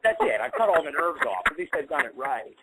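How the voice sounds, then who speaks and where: A man's voice: fairly high pitch, expressive, fast. A man co-hosting a casual online talk show, telling long stories with many fillers. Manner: rambling storyteller, many fillers. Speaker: co-host. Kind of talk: casual podcast chat. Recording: internet radio call with faint noise.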